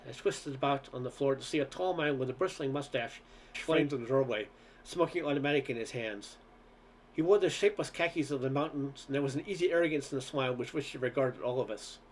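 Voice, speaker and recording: A man's voice: medium pitch, a little hiss or hum. A man reading a novel aloud in earnest storytelling, now and then stumbling over words. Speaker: audiobook reader.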